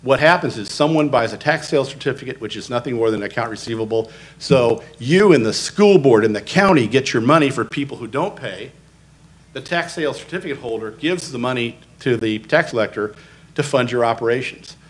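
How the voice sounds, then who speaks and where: A man's voice: medium pitch, lively intonation, brisk. Middle-aged male consultant, emphatic and explanatory, addressing a public meeting. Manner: emphatic, explanatory, stresses key words. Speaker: assessment consultant addressing city commission. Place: city commission meeting.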